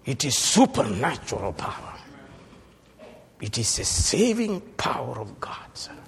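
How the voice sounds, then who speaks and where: A man preaching a sermon as pastor, swinging between hushed lines and shouted climaxes. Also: medium pitch, big pitch swings, a little slow, gravelly.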